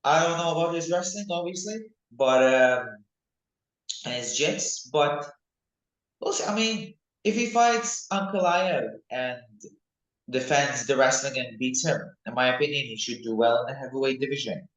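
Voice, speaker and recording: A young man, a mixed martial arts fighter, talking casually and excitedly in an interview, rambling from one thought to the next. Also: mid-range voice, normal speed. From United Kingdom. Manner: rambling, excitable, animated when recalling fights. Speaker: MMA fighter, interview guest. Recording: echoey room.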